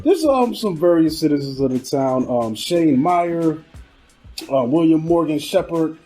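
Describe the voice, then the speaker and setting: A man's voice: a little high, lively intonation, unhurried, dark tone, faint music behind, low-quality recording. A man hosting a film podcast in a casual, laid-back chat, often tossing in "man". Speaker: podcast host.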